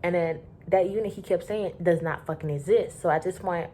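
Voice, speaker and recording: A woman from Florida spins a loose, profane storytime, rambling and animated as she goes. Her voice sits on the lower side, with a faint rumble humming underneath. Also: brisk. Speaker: vlogger telling a work story. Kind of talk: casual storytime.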